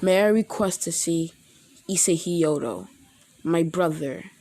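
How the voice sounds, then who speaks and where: A woman voicing a young man back from the void, speaking with stiff politeness and a quiet, saddened manner. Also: a little high, slow. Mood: formal, polite.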